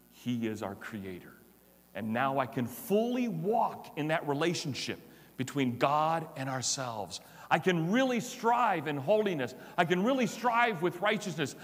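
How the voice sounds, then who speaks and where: A male pastor preaching a sermon, moving from hushed, tender passages to loud, emphatic declarations. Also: high voice, big-room sound.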